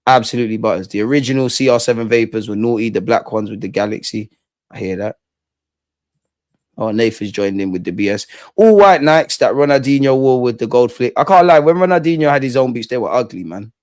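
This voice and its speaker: A young man hosting a live football watch-along, blunt and slangy, chanting and shouting when his team scores. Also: on the low side, no room sound, clean studio sound.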